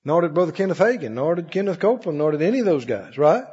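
In a big church hall, a pastor preaches a sermon at a quick, expressive pace, his high, husky voice leaping about as he moves between ringing, loud cries and hushed, low asides in call-and-response fashion. The sound is muffled and carries a long echo from the hall.

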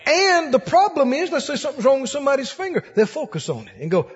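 A man's voice: extremely high pitch, sing-song, fast, few pauses, dull audio. A man preaching a sermon to a congregation, fervent and repetitive, building emphasis, recorded in a hall.

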